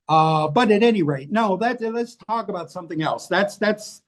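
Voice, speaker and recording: Older american guy, kinda high voice, swears a lot, brutally honest interview chat. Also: measured pace. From United States. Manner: blunt, profane, self-mocking. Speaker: interview guest, author. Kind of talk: candid casual conversation. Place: rainy place indoors, rain outside.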